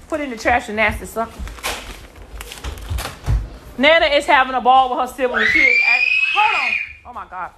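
A young woman live streaming from a busy family home on her phone, chatting casually and scolding her children loudly and bluntly. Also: high-pitched, expressive, normal speed, pauses often, noisy background. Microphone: phone camera.

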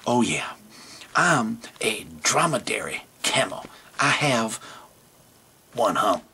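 A man voicing a cocky, lovesick male dromedary camel that mumbles low and calls others fool. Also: very animated, takes it slowly, vocal fry, pushed and bright, husky, heavily acted. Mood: smug.

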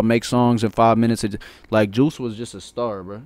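A young man giving casual reaction commentary, excited and slangy, talking close to his mic. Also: lowish voice, normal speed, no echo. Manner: excited, slangy, keeps saying "bro". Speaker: reaction streamer.

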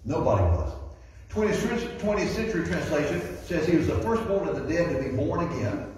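A man preaches in a lively, rising and falling voice, pressing his points by saying them over and over. He sounds distant from the mic, and his words ring out through a big echoey church hall. A faint hum sits under it all. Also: on the high side, fairly quick. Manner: repeats key phrases and reads scripture aloud. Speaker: guest preacher. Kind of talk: sermon. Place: church sanctuary.

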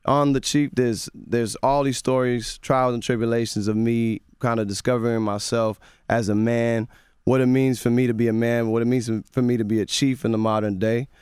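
A young man talks casually as a guest in a radio studio, looping back and restarting as he tells stories. His voice is smooth and clear. The close studio mic leaves it dry. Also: mid-range voice, normal speed, dry recording. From grew up partly in Nigeria and the US. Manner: relaxed, storytelling, many restarts. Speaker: guest musician. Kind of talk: casual radio interview chat.

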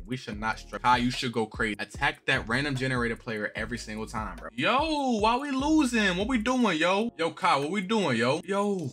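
Male gaming streamer, rapid-fire and sharp-toned, slangy, prone to loud outbursts. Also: medium pitch. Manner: excitable, shouts in sudden outbursts, slangy, repeats "bro". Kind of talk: live gameplay commentary.

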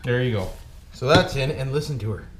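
A man's voice: medium pitch, expressive, brisk. Folksy man in an echoey garage. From Canada. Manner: folksy and jokey, keeps calling the viewers "boys"; talks to himself while working. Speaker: vlogger rebuilding an engine. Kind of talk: casual workshop commentary. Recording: echoey room with background noise.

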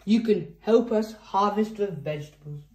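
A woman's voice: medium pitch, normal speed, a little mellow, echoey room, close to an everyday voice. A woman voicing a kindly, chuckling old grandfather pig in a storybook read-aloud.

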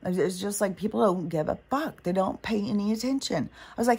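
A woman's voice: medium pitch, quick pace, few pauses, breathy edge. A woman vlogger in a casual spiritual monologue, rambling and swearing often.

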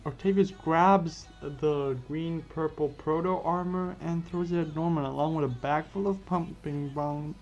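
Guy narrating a fan story off the cuff, fixes himself a lot, kinda high voice, muffled audio w music. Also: fairly even intonation, a little slow, few pauses, darkish tone. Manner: unscripted, self-correcting. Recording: dull lo-fi with faint music.

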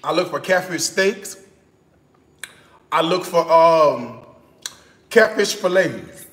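A man vlogging in his home kitchen, chatting in a sassy, animated way with speech. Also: a little high, slow, reverberant. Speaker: cooking vlogger. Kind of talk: casual chat.

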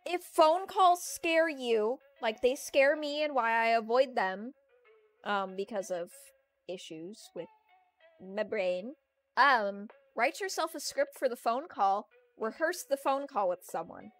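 A woman's voice: on the high side, expressive, measured pace, fairly bright tone. A young adult woman streaming from home, chatting casually in a ranting, talkative way and laughing often. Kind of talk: casual chat. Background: faint music playlist.

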